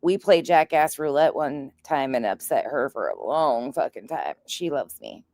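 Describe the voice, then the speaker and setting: A woman's voice: a bass voice, very animated, a little slow, darkish tone. A woman hosting a commentary stream, chatting casually and crudely, mocking others and laughing as she talks.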